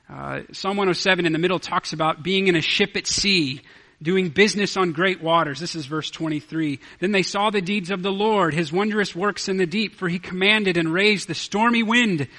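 A man preaching a sermon as pastor, swinging from loud declarations to hushed asides. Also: sits high.

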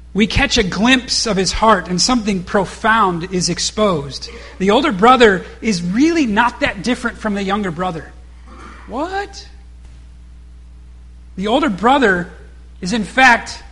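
Bright, high-voiced male preacher. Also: breathy edge. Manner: preaching with rhetorical questions and casual asides. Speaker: pastor. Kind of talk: sermon.

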